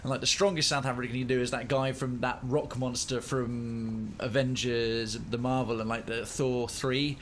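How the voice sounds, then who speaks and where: A man's voice: mid-range voice, flat delivery, normal speed, few pauses, slight background noise. Chatty British man streaming a game. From United Kingdom. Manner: rambling, digressive, chatty with chat. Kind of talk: casual gaming commentary.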